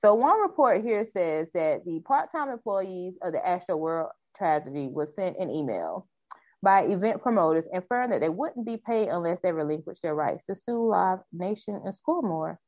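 Low-ish woman voice reading news bits on a chill podcast, kinda muffled audio. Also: expressive, normal speed, dry recording. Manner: reads news aloud, then chats loosely. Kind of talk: casual news discussion.

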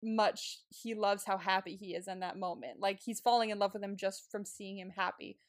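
A woman co-hosting a podcast in casual chat, excitable, laughing often and swearing casually. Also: medium pitch, normal speed. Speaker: podcast co-host.

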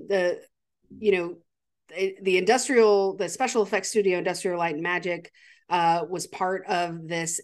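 A woman co-hosting a podcast, eagerly retelling film scenes and acting out the characters' lines. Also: lowish voice. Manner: enthusiastic, animated storytelling with acted-out quotes. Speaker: podcast co-host. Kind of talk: casual movie recap chat.

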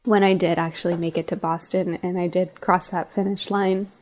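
A woman's voice: fairly low pitch, flat delivery, moderate pace, darkish tone. A woman from Canada, a marathon runner, telling her story in an interview in a heartfelt, emotional way. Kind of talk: personal interview recollection.

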